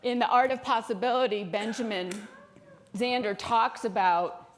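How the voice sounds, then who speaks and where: Woman minister, slightly high voice, conversational storytelling sermon, self-deprecating humor. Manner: storytelling, laughs at herself. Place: church sanctuary.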